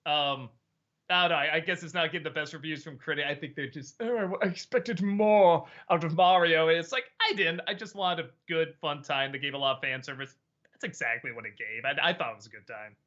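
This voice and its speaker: A man's voice: a little high, pushed and bright, lo-fi sound. A man hosting a casual live-stream chat, stammering a little and laughing often. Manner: chatty, stammering, quick laughs. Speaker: host.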